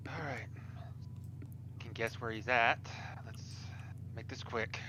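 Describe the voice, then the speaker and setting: A man's voice: mid-range voice, fairly even intonation, takes it slowly, background noise. A man playing a tabletop game in casual chat. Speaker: player.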